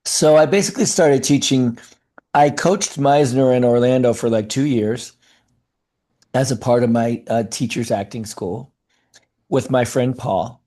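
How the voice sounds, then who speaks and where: A middle-aged man, an actor and acting coach, talking in a casual interview, animated and fast, with many fillers and restarts. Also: mid-range voice.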